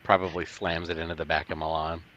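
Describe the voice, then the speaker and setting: A man's voice: deep voice, flat delivery, quick pace, fairly bright tone, no room sound, muffled recording. A man playing in a tabletop role-play game, narrating his character's actions in a dry, laid-back way. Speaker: player.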